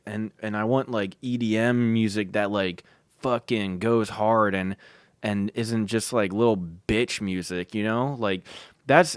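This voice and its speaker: A man's voice: lowish voice, clear, resonant tone, no room sound, studio quality. A young man hosting a podcast from home, rambling casually with lots of fillers, restarts and offhand swearing. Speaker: podcast host.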